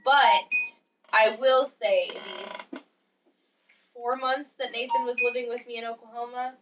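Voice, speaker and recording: A woman's voice: a little high, steady tone, measured pace, fairly bright tone, distant mic, a little hiss or hum, poor audio. A woman streaming from home in casual chat, telling a personal story bluntly and with plenty of swearing.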